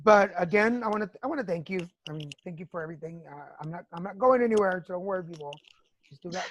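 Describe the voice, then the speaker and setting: A woman's voice: fairly low pitch, expressive, fast talker. A woman hosting a podcast, telling personal stories frankly with swearing and laughter. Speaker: podcast host. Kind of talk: candid casual chat.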